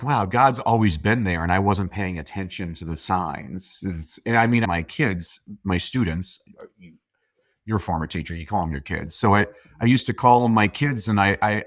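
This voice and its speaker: A man's voice: lowish voice, no room sound, studio quality. A man in a casual conversation, telling stories with enthusiasm and praising his host. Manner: enthusiastic storyteller, quick to praise. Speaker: podcast guest, speaker and coach.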